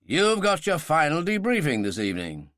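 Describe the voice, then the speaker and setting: A composed older general, clipped and dry in his replies, as a male reader plays him. The pitch is animated, the sound close and dry. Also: normal speed, dry recording.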